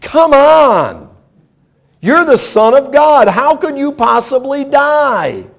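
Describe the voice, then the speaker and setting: A loud, incredulous male disciple scolds his teacher in a strained, high voice that sits well above an ordinary man's pitch, as a preacher acts him out. He sounds insistent and fed up. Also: very animated, slow, creaky, heavily acted. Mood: exasperated.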